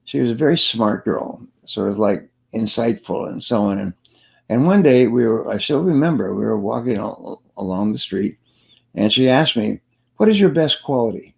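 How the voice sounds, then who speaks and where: A man's voice: on the low side, lively intonation, normal speed, vocal fry. An older man, a sales trainer being interviewed, telling stories and giving advice in an earnest way, repeating key phrases for emphasis. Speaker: sales trainer and guest speaker.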